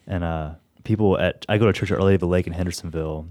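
A man's voice: low voice, steady tone, very fast, a little mellow, dry recording, studio quality. A young man from Tennessee, hosting a radio show in casual, rambling chat and laughing easily. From Tennessee, USA.

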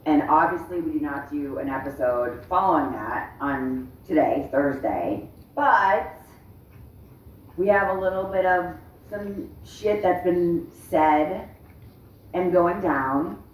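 A woman's voice: low-pitched, lively intonation, takes it slowly. A woman podcast co-host talking in a fired-up, indignant way in casual chat. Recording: roomy, distant mic, faint noise.

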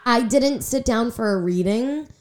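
A woman, co-hosting a podcast and telling stories in a chatty, animated way. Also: on the high side, a little slow. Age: 20s. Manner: chatty, animated storytelling with lots of "like". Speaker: podcast co-host. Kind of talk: casual chat.

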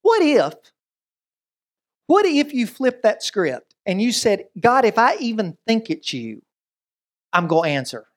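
A man preaching a sermon as pastor, conversational and animated, with quick asides and voiced quotes. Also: sits high.

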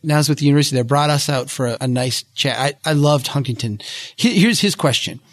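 A man hosting a podcast interview, chatting affably and interjecting quickly. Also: medium pitch, no echo. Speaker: podcast host.

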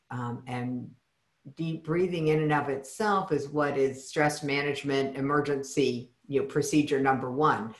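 A woman hosting a podcast interview in a playful, animated conversational way. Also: sits low. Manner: playful and animated, with frequent laughs. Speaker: podcast host. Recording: roomy echo.

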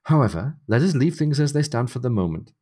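A man's voice: medium pitch, big pitch swings, dark tone, pitched above the performer's own voice. A man reading as formal ship's doctor Stephen. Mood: earnest. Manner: measured formal period reading. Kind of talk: reading a novel aloud.

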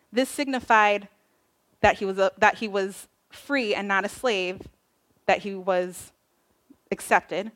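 Animated woman preaching casually. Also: mid-range voice, a little slow. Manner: casual, animated storytelling with slang. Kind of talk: conversational sermon.

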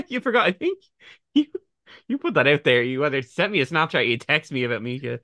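A man's voice: fairly high pitch, sing-song, fairly quick, sharp tone, no room sound, studio quality. A young man co-hosting a podcast in casual chat, giggly and rambling, often restarting mid-thought. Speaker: podcast co-host.

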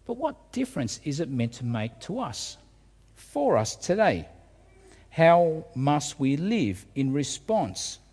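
Male preacher, expressive, husky tone, lively pitch, long hall reverb. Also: slow. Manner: expressive, rhetorical questions, repeats words. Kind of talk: sermon.

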